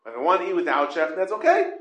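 A man's voice: high voice, huge pitch swings, fast, fairly bright tone, reverberant. A man teaching a Talmud class, repeating points and asking rhetorical questions. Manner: explains in repeated questions, stressing key words.

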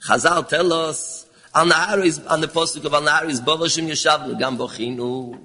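A man giving a sermon, mixing English with Hebrew and Yiddish terms, dropping low and then rising into pleading calls. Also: steady tone, brisk, bright, forceful tone. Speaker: rabbi giving a talk. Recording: long hall reverb.

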